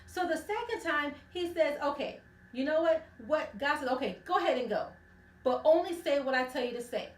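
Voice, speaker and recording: A woman hosting a radio ministry, giving a conversational Bible lesson and retelling the story with lively voices for each character. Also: high voice, moderate pace, roomy sound, far from the mic.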